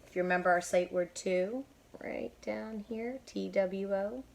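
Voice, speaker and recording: Low-voiced woman reading to children. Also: moderate pace, gravelly. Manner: bright, encouraging, asks kids questions. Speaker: teacher reading aloud to children. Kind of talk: children's read-aloud.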